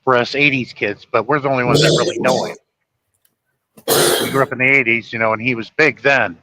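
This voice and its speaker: A man's voice: mid-range voice, steady tone, brisk, sharp tone, low-quality recording. A man in his forties chatting casually, retelling scenes and laughing along. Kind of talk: casual chat.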